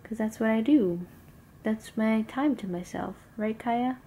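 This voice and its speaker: A woman's voice: fairly high pitch, unhurried, mellow, slight background noise. A young woman, a mother vlogging casually to a handheld camera at home, rambling with lots of "like" and "um". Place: family home at night.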